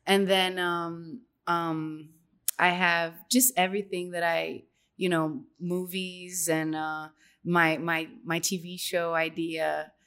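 A young woman guest in a casual interview, chatty and upbeat, laughing often and filling pauses with "um" and "like". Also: on the low side, little pitch movement, fairly bright tone, clear, resonant tone. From Dominican heritage. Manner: chatty, laughs often, many fillers and restarts.

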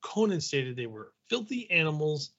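A man's voice: a little high, big pitch swings, normal speed, fairly bright tone, highs cut off. A man hosting a casual podcast, reading notes aloud in long runs and breaking off to joke.

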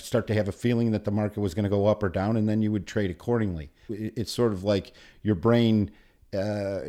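A man's voice: fairly low pitch, dark tone. A man, a former futures trader, telling stories in an interview, chuckling and rambling.

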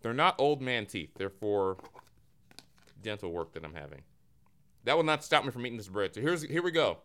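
A man's voice: medium pitch, big pitch swings, moderate pace, fairly bright tone, smooth. A man hosting a casual sports podcast, joking and self-mocking through ad reads and a sports report. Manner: jokey, playful, self-mocking. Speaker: podcast host. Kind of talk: casual chat and comic ad reads.

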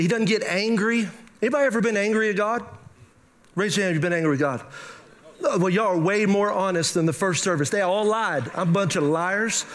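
A middle-aged man preaching a sermon to a congregation, lively and joking, talking straight to the room. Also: high voice. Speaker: pastor. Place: church sanctuary with a live congregation.

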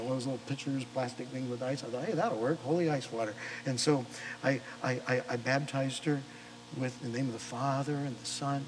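A male pastor preaching a sermon, telling a story with animated delivery, acting out the voices of the people in it and often restarting his words. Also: medium pitch, a little hiss or hum, rough recording. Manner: animated storyteller, acts out quoted voices, frequent repeated starts. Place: church or chapel service.

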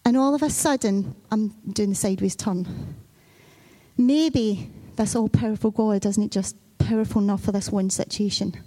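A woman's voice: medium pitch, moderate pace, warm tone. A woman preacher giving a sermon in a conversational, storytelling way. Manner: conversational storytelling, acting out children and Bible figures.

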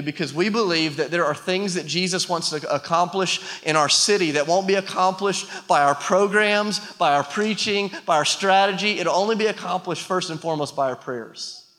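A man's voice: high-pitched, normal speed, hardly any pauses, sharp tone, in a large hall. A man in his thirties giving a sermon as a pastor, telling stories with a self-deprecating humor and building to passionate appeals.

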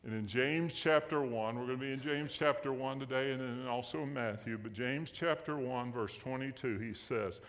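A man's voice: mid-range voice, moderate pace, few pauses, a bit bright, in a large hall. A man preaching a sermon as pastor, in a folksy, joking way, asking the congregation questions in a church sanctuary.

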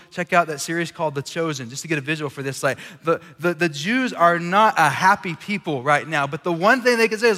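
A preacher with a highish, bright, forceful voice gives a conversational sermon to a live audience, joking with the crowd. The setting is a large room, with the long reverb of a big hall.

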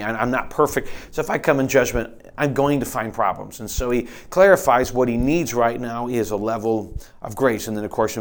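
Middle-aged guy preaching, slow and steady, repeats himself, gets louder reading verses. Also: mid-range voice. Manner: unhurried, repeats words, rises when reading scripture. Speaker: pastor. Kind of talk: sermon.

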